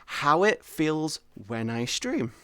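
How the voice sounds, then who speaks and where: A young woman chatting casually to her stream audience, expressive and excitable, swearing freely. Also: low-pitched, takes it slowly, smooth, no room sound. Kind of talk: casual live-stream chat.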